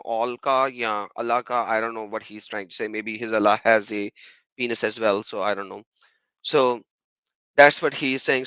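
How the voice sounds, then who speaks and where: A man talks straight to his viewers in an emphatic, insistent way, circling back to the same points and firing off rhetorical questions. His voice is bright and forceful, and the recording is close and dry. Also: mid-range voice, no room sound, poor audio. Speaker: YouTuber responding to comments. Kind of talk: monologue commentary vlog.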